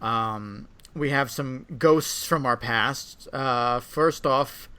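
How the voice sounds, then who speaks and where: A man hosting a podcast in casual chat, jokey and animated, often laughing. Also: medium pitch, very slow, clean tone. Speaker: podcast host.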